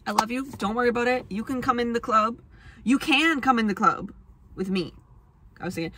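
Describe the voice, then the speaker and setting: A woman's voice: on the high side, lively intonation, quick pace, pushed and bright, a little hiss or hum. A young woman casually explaining astrology to camera, rambling, laughing often, swearing freely and poking fun at herself. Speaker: astrology vlogger.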